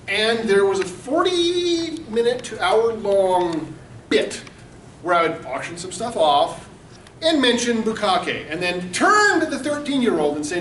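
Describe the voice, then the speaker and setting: A brash man warms up a convention's charity auction with crude comedic stories, mocking people and laughing along with the live room. He's high-pitched and a bit bright, captured from a distance in an echoey hall, with a little hiss or hum.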